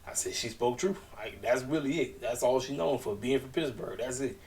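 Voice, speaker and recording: A man's voice: medium pitch, normal speed, darkish tone, distant mic, slight background noise. Slangy man recapping wrestling, a bit off-mic. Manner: chatty, slangy, retells scenes in quoted voices. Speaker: wrestling show reviewer. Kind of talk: casual recap commentary.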